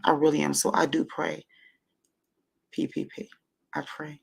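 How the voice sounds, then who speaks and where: A woman's voice: mid-range voice, sing-song, brisk, creaky, breathy edge. A woman hosting a casual livestream, gushing and emotional, close to tears, who stammers and repeats herself. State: moved to near tears. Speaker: livestream host.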